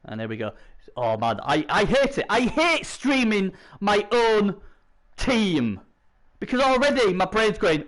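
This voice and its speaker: A man doing chatty live video game commentary, swinging from low muttering to excited shouts. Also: a little slow. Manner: chatty, opinionated, talks to himself.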